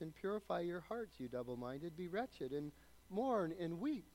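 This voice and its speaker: Man preaching with sweeping loud-to-soft swings. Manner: swings from loud, high emphasis to quiet, low asides. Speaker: pastor. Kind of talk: sermon.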